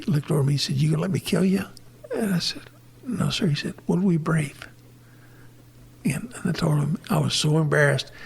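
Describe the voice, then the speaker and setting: A man's voice: on the high side, vocal fry, slightly rough. An older man, a retired navy helicopter pilot, telling stories from his flying career in a plain-spoken way and acting out what people said to him. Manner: plain-spoken storyteller, acts out his own quotes. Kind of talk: recounting war stories in an interview.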